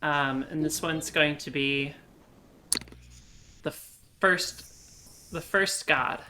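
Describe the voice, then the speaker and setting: A woman's voice: low-pitched, extremely slow, bright, forceful tone, a little hiss or hum. A woman playing a tabletop story game with friends, chatting casually, often laughing and thinking aloud with fillers. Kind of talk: casual game-night chat.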